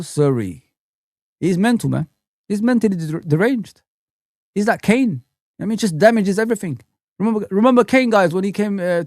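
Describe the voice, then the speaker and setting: A man's voice: on the high side, a little mellow, no room sound, clean studio sound. A man hosting a live football fan stream, chatting with viewers and ranting animatedly. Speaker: football fan channel host.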